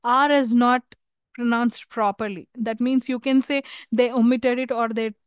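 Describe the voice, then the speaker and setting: A woman's voice: a little high, steady tone, unhurried, smooth, no room sound. A woman with an Indian English accent giving a live university lecture, hesitant with many fillers and restarts, checking in with her listeners.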